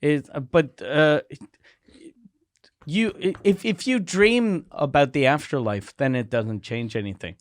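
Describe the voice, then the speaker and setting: A man chatting on a comedy podcast, talking haltingly with many restarts. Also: on the high side, lively intonation, no room sound, studio quality. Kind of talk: casual chat.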